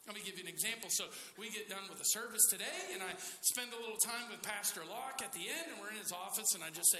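A man's voice: high voice, fast, few pauses, bright, forceful tone, slight background noise. A man preaching a sermon as a guest preacher, conversational and joking with the congregation. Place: church sanctuary. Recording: echoey hall with faint ambience.

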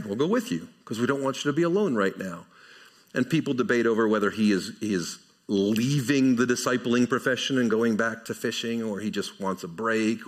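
A man preaching a conversational sermon verse by verse, asking rhetorical questions and shifting between emphatic and quiet delivery. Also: lowish voice. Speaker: pastor.

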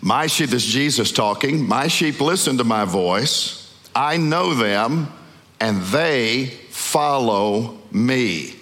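A male pastor preaching a sermon, asking the congregation questions and slowing down to stress key words. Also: medium pitch, expressive, fairly bright tone. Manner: call-and-response questions to the congregation; emphatic, slows down on key words. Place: church sanctuary. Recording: long reverb of a large hall.

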